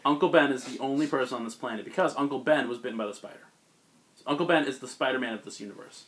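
A man's voice: mid-range voice, very fast, a bit bright. A man on a podcast, casually retelling a comic book plot and acting out the characters' lines as he goes. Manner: rambling storyteller acting out characters. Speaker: podcast host recapping comics. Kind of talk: casual chat.

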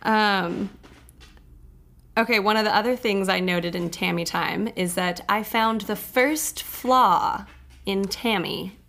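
A woman's voice: mid-range voice, takes it slowly, fairly bright tone. Woman, podcast co-host, casual chat, joking, laughs often. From Texas.

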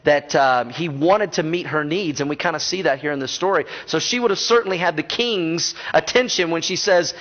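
A male pastor with a high voice preaches a sermon in a conversational way. He makes joking asides to the congregation. The sound is dull and muffled. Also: normal speed, hardly any pauses, fairly bright tone.

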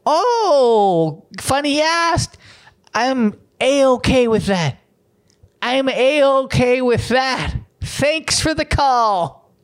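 A man voicing a cheery, complacent male local who answers a newspaper poll in a slow, sing-song way. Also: extremely high pitch, expressive, pitched above the performer's own voice, full character voice.

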